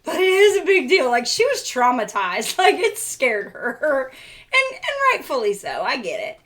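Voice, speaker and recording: A woman co-hosting a homestead chat show, telling a story in a lively way, laughing often and acting out the voices she quotes. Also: high voice, a little slow. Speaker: co-host of homestead Q and A.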